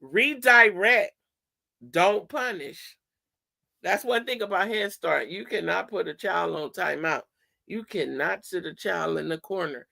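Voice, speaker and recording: A woman's voice: on the low side, unhurried, creaky, sharp tone. A woman hosting a podcast segment, teaching listeners in an informal way, quizzing them with "what?" fill-in questions and often restarting her sentences. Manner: asks the audience rhetorical fill-in questions; restarts and corrects herself mid-sentence. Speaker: podcast host presenting a segment.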